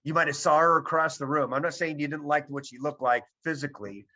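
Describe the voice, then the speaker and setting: A man's voice: a little high, fairly even intonation, quick pace, pushed and bright. A man giving a seminar talk to a virtual audience over a video call, emphatic and repeating his key points. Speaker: presenter. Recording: dull lo-fi sound.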